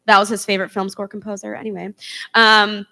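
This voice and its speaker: Bright-voiced young woman giving a chatty tribute. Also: medium pitch, level tone, fairly quick, vocal fry. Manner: chatty, with frequent ums and laughs. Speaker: former box office associate giving a memorial tribute. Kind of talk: speech at a memorial event. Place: theater stage.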